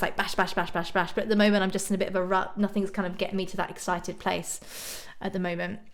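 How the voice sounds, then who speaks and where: A young woman from just northwest of London, England, with a southern English accent and a mid-range, fairly bright voice, hosts a live stream as a YouTube singer. She chats casually while reading comments, answering viewers' questions with plenty of ums and little laughs.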